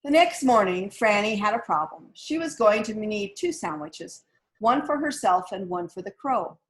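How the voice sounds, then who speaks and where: A woman reading a children's picture book aloud in a gentle, expressive storytelling manner. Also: mid-range voice, normal speed. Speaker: storybook reader.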